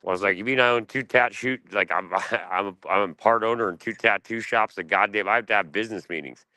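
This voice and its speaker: A man holds forth on a live stream in a casual rant, blunt and swearing freely. He brags as he talks. His voice sits a little low and sounds dry and close, with no room around it. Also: fairly quick, bright, forceful tone, no echo, low-quality recording. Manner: profane, boastful and blunt.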